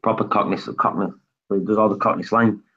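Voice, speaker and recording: A man's voice: on the low side, fairly even intonation, quick pace, a bit bright. A man with a Manchester accent chatting on a live stream, jokey and full of local slang. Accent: Mancunian. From England. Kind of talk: casual live stream chat. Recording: husky voice over a dull lo-fi line.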